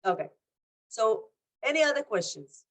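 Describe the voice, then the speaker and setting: A woman's voice: fairly high pitch, big pitch swings, moderate pace. A woman leading a training session over a video call, emphatic and repeating points for weight, acting out what people say. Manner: warm, emphatic, acts out quotes, repeats for emphasis. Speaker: presenter and trainer. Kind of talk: Q&A training talk. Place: home.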